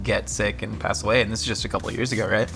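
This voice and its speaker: Bright-voiced man hosting a casual interview. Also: lowish voice, flat delivery, rapid-fire, vocal fry. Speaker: host.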